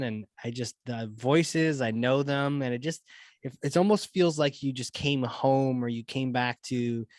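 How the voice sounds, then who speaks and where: A man's voice: mid-range voice, a little mellow, no echo. A man with a mid-range voice hosts a podcast with easygoing enthusiasm and chuckles now and then. His voice sounds dry and close to the mic. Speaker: podcast host. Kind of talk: casual interview chat.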